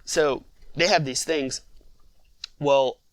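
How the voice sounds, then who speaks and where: A man, a father of six, telling a family story in a relaxed podcast interview, with lots of fillers. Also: fairly high pitch, slow pace, slight background noise, low-quality recording. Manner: conversational, many fillers, reflective storytelling.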